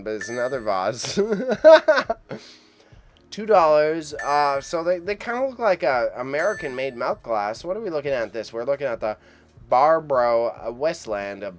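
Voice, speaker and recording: A man with a stuffy, congested nose hosts a live stream. He rambles casually, laughs often and stumbles over names. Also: medium pitch. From Canada. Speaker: live stream host reacting to an auction.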